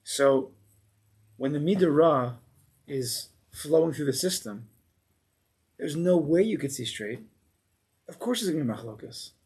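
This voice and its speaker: Husky man teaching an animated Torah class. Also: on the high side, measured pace, long pauses. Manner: animated, mimics angry people in raised voice.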